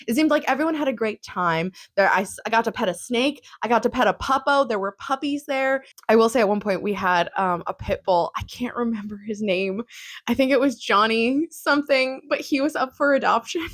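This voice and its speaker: A woman's voice: fairly high pitch, lively intonation, brisk. Chatty, giggly young woman vlogger. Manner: chatty, giggly, lots of fillers. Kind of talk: casual recap chat.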